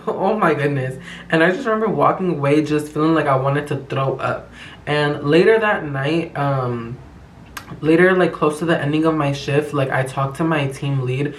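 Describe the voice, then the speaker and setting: A man's voice: a little high, slight background noise. A young man telling a rambling, slang-filled, profane story in a casual vlog. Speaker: vlogger. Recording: echoey room.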